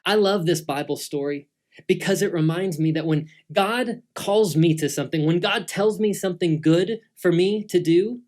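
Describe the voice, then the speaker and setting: A woman telling a Bible story to children, dramatic and swinging between loud and hushed delivery. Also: fairly low pitch. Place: church.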